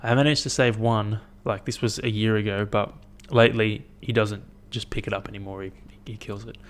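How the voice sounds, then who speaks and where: A young man hosting his own podcast, chatting in a rambling, profane, animated way as he tells stories. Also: on the low side, brisk, smooth. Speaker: podcast host. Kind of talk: casual solo podcast chat.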